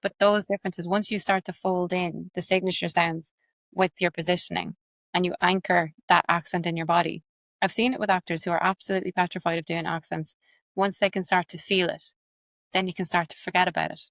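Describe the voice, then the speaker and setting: Woman, Irish accent, accent coach, quick lively explainer, slightly low voice. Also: dry recording. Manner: fast, animated, explains with examples. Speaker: accent coach and actress, guest. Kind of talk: explanatory interview talk.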